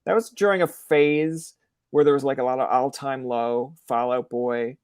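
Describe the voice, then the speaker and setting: A young man hosting a podcast, chatting casually and telling stories with lively acted-out quotes, from a room in his parents' house. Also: medium pitch, normal speed, smooth, dry recording. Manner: animated storyteller who acts out quoted lines. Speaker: podcast host. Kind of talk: casual chat.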